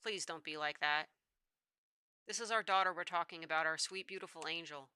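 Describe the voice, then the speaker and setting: A woman reading as a soft-spoken doting scientist father. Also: deep voice, brisk, clean tone, dry recording, pitched below the performer's own voice. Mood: tender.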